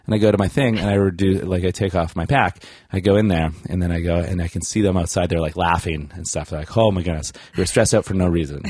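Rambling low-voiced man telling a story. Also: slightly rough, no room sound, studio quality. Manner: rambling, many fillers and restarts, acts out quoted people. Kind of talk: casual anecdote telling.

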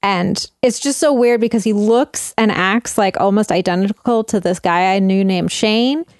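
A young woman hosting a casual podcast chat, talking in quick asides and laughing often. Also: medium pitch, dry recording, studio quality. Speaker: podcast host.

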